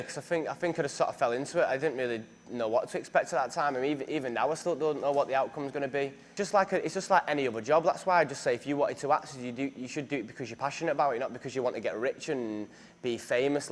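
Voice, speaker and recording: A man's voice: medium pitch, quick pace, a little hiss or hum. A young man, chatting casually in an interview, full of fillers and restarts. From northern England. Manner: chatty, self-deprecating, many fillers and restarts. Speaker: actor being interviewed.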